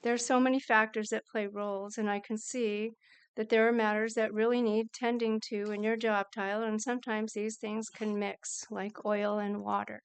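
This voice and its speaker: A woman giving a prepared public comment at a meeting, measured and earnest. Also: mid-range voice, level tone, clean tone. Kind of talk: prepared statement at a council meeting.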